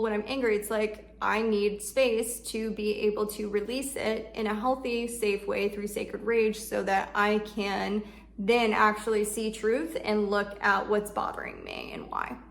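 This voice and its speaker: A woman giving a casual self-help talk on shadow work, chatty and full of fillers, going soft and slow when she voices comforting self-talk. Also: medium pitch, lively intonation, vocal fry.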